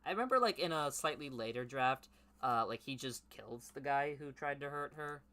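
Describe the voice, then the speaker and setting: A young man reading his old teenage story aloud in a low mumble, then breaking off into loud, mocking commentary. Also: lively intonation, moderate pace. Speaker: YouTuber reading his childhood writing.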